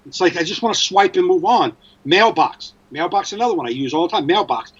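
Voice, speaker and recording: A man with a New Jersey accent, co-hosting a podcast, ranting in an animated, sweary way. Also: high-pitched, a little fast, breathy edge, highs cut off. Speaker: podcast co-host. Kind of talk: casual chat.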